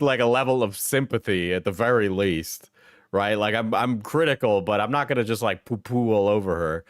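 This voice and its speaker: A man hosting a live stream, reacting with rambling, halting commentary and frequent laughs. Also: lowish voice, dry recording, clean studio sound. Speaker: streamer host.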